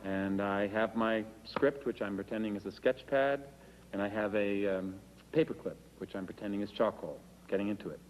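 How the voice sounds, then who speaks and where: A man's voice: lowish voice, fairly even intonation, moderate pace, big-room sound, a crowd in the background, background noise. A man performing a wry, self-deprecating storytelling monologue and acting out the dialogue himself.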